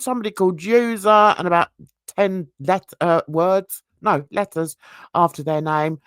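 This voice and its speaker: A woman's voice: fairly low pitch, measured pace, clear, resonant tone, dry recording, studio quality. A woman hosting a true crime channel, reading viewer comments aloud in a casual, self-mocking way, stumbling over words and laughing at herself.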